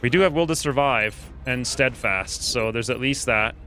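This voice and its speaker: A man's voice: mid-range voice, moderate pace, sharp tone, faint music behind. A man giving casual gameplay commentary, joking, self-mocking and thinking aloud about his choices. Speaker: gaming streamer.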